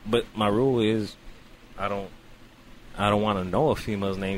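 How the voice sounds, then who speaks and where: Speaking at a moderate pace with a voice on the low side, a podcast host tells a long, funny story. He's animated and profane, uses casual slang, and voices the characters himself, with slight background noise behind him.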